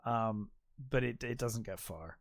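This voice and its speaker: A man co-hosting a podcast, casually retelling film scenes with lots of ums and a quick laugh. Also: mid-range voice, no echo, clean studio sound. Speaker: podcast co-host.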